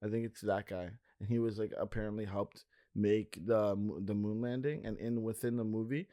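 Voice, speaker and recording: A man's voice: lowish voice, steady tone, moderate pace, mellow, no echo, clean studio sound. A young man co-hosting a podcast, talking casually and rambling with many fillers. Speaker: podcast co-host. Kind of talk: casual chat.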